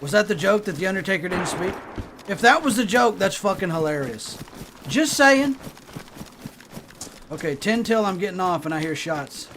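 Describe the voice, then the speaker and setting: Brief: middle-aged male streamer, loose profane chatter, higher pitch, headset, faint hiss behind. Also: expressive, brisk, a bit bright. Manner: rambling, profane, joking. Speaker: game streamer. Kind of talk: casual gaming commentary.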